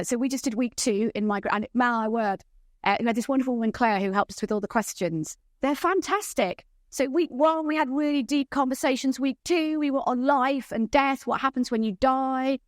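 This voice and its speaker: A woman's voice: on the high side, dry recording, studio quality. A woman presenting a church leadership training session, enthusiastic and often checking in with her audience. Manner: enthusiastic, checks in with rhetorical questions.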